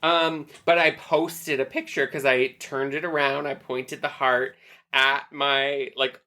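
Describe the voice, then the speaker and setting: A woman's voice: very deep voice, flat delivery, slow pace, bright, forceful tone, slight background noise. A young woman co-hosting a podcast, telling stories in casual chat, rambling and laughing often. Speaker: podcast co-host.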